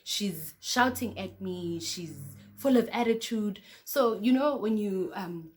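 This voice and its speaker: A woman's voice: mid-range voice, lively intonation, takes it slowly. A young woman with a South African accent telling a personal story to camera in a chatty, casual way, often calling out to her viewers. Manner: chatty, addresses viewers as guys, repeats "okay, cool" between beats. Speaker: vlogger.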